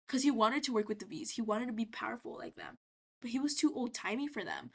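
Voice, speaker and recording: Tipsy woman rambling through a cartoon recap, giggly, swears a lot, voice a bit high. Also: quick pace, breathy edge. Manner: giggly, swears often, loses her place. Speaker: video creator.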